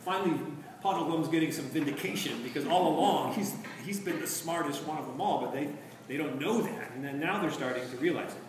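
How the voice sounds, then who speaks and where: A man teaching a literature lesson in an animated, questioning way. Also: on the high side, a little fast. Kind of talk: literature lecture with read-aloud. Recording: echoey room from far off, noisy.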